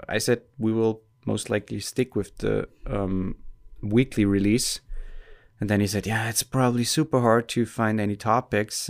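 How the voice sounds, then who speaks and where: A man's voice: fairly low pitch, creaky. A man co-hosting a relationship podcast, chatting casually, joking and rambling with lots of fillers. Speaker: podcast co-host.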